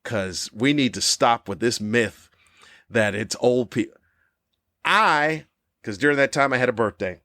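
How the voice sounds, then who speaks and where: A man's voice: unhurried, no echo, clean studio sound. Fired-up ranting man in his fifties. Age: 50s. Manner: animated, ranting, with sudden high-pitched jabs. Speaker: podcast host. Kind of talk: cranky comedic monologue.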